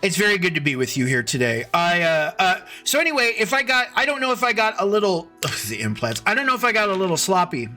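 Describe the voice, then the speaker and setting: A man's voice: sits high, animated, fast, hardly any pauses, pushed and bright, faint music behind. A man hosting a casual live stream, rambling and restarting his sentences as he greets viewers by name. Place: at home computer.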